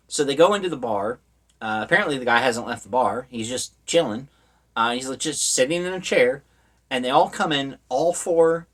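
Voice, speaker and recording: A man's voice: medium pitch, fairly bright tone. A man giving a casual spoken movie review, rambling through the plot with lots of fillers and wry, sarcastic asides.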